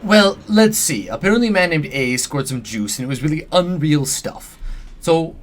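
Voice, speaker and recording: A man's voice: a little high, lively intonation, moderate pace, close to an everyday voice. A man voicing an impatient, exasperated male fixer with a sarcastic manner. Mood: irritated. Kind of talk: reading game dialogue aloud.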